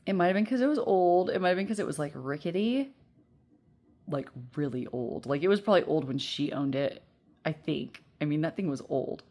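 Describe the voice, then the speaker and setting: Low-voiced chatty woman reading tarot. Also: expressive, brisk, warm tone. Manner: chatty, rambling, laughs often, many fillers. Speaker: tarot reader. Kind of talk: casual pick-a-card reading. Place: at home. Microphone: earbuds.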